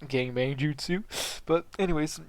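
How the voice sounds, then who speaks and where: A man's voice: a little high, normal speed, dry recording. A man casually telling an improvised fan story, rambling and swearing as he talks. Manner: rambling, profane, offhand.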